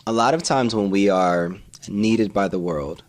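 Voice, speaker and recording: A man's voice: fairly low pitch, measured pace. A man in his thirties hosting an interview, reflective and asking probing personal questions. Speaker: podcast host. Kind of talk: interview conversation.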